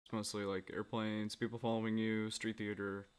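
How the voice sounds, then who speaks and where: A man's voice: fairly low pitch, little pitch movement, normal speed, smooth. A man hosting a casual interview, asking probing questions in a hesitant way, with many filler words. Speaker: interviewer host.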